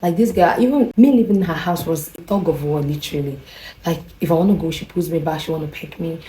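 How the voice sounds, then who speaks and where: A woman's voice: sits low, quick pace, mellow, echoey room, slight background noise, poor audio. A young woman with a Nigerian accent telling a story in a chatty, confiding vlog style, often repeating herself. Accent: Nigerian English. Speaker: vlogger. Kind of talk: casual storytelling to camera.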